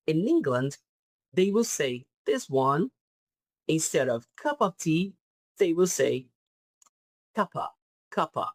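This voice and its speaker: Man with Brazilian Portuguese accent, English teacher, slow and deliberate, dry close sound, drills each word twice. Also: fairly high pitch, sing-song, no echo. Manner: emphatic, repeats key words. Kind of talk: YouTube lesson on British slang.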